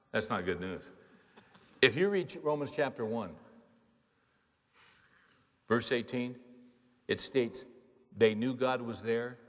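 A man's voice: medium pitch, takes it slowly, pauses often. A man preaching a sermon in an emphatic, conversational way, asking the congregation rhetorical questions. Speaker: pastor. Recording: long hall reverb.

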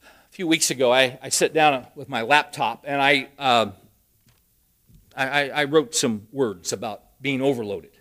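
A man's voice: mid-range voice, unhurried, a bit bright. A man preaching a sermon, telling a story with rising emphasis and dry humor. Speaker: pastor.

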